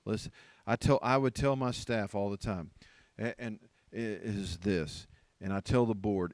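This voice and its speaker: A man's voice: lowish voice, fairly even intonation, a little slow, darkish tone, no echo. A man in his fifties, a pastor, giving a humorous sermon and acting out voices, repeating phrases for effect. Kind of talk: humorous sermon to a church leadership team. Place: church.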